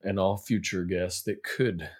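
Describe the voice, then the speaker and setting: A man from the United States co-hosting a podcast, relaxed and casual, mostly giving short friendly replies. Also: deep voice, measured pace, slightly rough. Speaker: podcast co-host. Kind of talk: casual chat.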